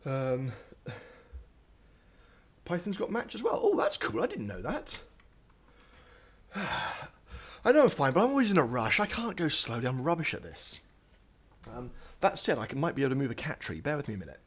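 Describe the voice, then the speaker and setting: Brief: husky young male coder, slightly winded, chatty live-stream explainer with a lively, up-and-down delivery. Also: medium pitch, moderate pace, long pauses. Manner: thinks aloud, chatty with frequent ums and asides. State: out of breath. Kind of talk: live coding stream commentary. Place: home office at a standing desk.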